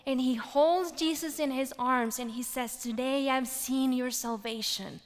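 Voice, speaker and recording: A woman delivers a sermon in a bright, high voice, telling stories with lively energy. She climbs to loud exclamations and drops to hushed whispers. Her words ring out with a long reverb, as in a large hall. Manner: animated storytelling, rising to loud exclaims and dropping to whispers. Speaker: preacher.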